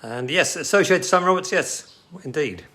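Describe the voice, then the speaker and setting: A man's voice: a little high, expressive, moderate pace, sharp tone. A man co-hosting a home cooking video from behind the camera, chipping in dry, teasing asides. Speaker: co-host filming the video. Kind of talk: casual chat from behind the camera.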